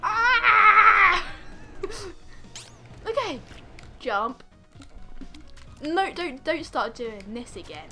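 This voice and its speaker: A woman's voice: sits high, sing-song, drawn-out words, pauses often, loud music behind the voice. A woman doing let's play commentary, exasperated and laughing often as she scolds the game character. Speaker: gamer.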